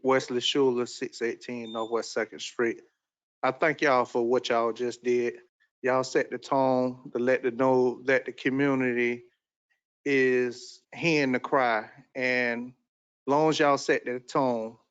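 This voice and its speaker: A man giving an earnest public comment at a council meeting, speaking in a halting way. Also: medium pitch, flat delivery, clear, resonant tone. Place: city council chamber. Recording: dull lo-fi meeting audio.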